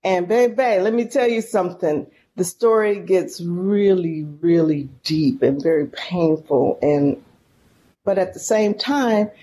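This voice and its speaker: A woman from San Francisco, a guest in an interview, telling a story in a folksy, animated and emotional way. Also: lowish voice, slight background noise. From San Francisco, California. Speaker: podcast guest, professor.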